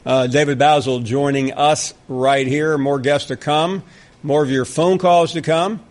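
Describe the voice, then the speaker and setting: Wry sports radio host, fairly high voice. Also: male voice, fairly even intonation, a little slow. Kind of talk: call-in radio talk.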